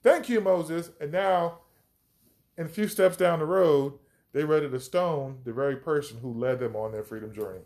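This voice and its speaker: A man's voice: medium pitch, moderate pace, darkish tone. A man hosting a podcast, teaching from the Bible with emphatic, reflective commentary as he reads scripture aloud.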